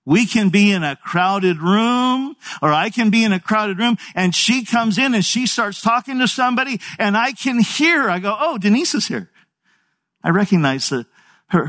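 A man's voice: high-pitched, a bit bright. A man in his sixties, a pastor preaching a sermon in a conversational storytelling way with folksy asides.

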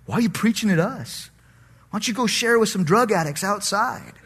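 A man voicing a smug, self-righteous male churchgoer who protests indignantly and defensively, in a raspy voice. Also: high voice, animated, normal speed, fairly bright tone, pitched above the performer's own voice, full character voice.

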